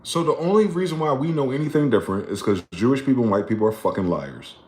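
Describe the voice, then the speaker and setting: A man in his late thirties, live-streaming a heated, profane, preachy rant whose loudness swings sharply. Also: mid-range voice, expressive, fast talker. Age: late 30s. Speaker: livestreamer. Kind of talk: ranting livestream monologue. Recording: roomy echo.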